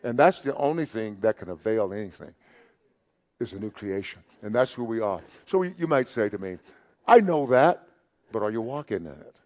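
A man preaching a sermon, repeating key phrases emphatically, rising loud on scripture quotes and dropping soft at the ends of phrases. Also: lowish voice, expressive, a little fast.

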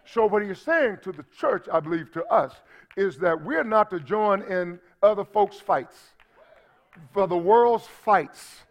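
A male pastor with a high-sitting, expressive voice preaches a sermon at a measured pace. As he explains scripture, he asks the congregation for responses in call-and-response asides, heard through dull lo-fi sermon audio.

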